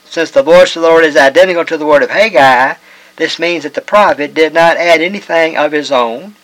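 Bright-voiced man teaching scripture. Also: fairly high pitch, no room sound, poor audio. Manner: measured, reads scripture aloud in King James wording. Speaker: preacher.

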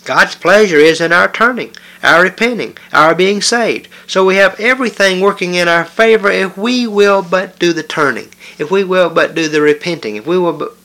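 A man's voice: high-pitched, moderate pace, few pauses, pushed and bright. A man preaching a sermon, emphatic and repetitive, with frequent hesitations and restarts. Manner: emphatic, repetitive preaching with rising stress on key words.

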